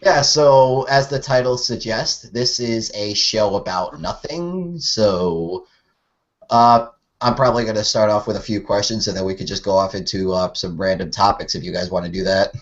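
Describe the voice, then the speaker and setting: A man's voice: on the low side, normal speed. A young man from New England hosting a casual podcast, laid-back and laughing often. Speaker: podcast host. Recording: dull lo-fi voice chat audio.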